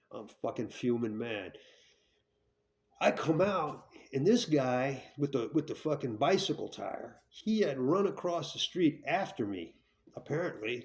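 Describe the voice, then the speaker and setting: Blunt, profane man telling a rough story. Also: medium pitch. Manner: blunt and profane, with rambling restarts; checks in with tag questions. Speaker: former prisoner telling his story. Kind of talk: candid storytelling.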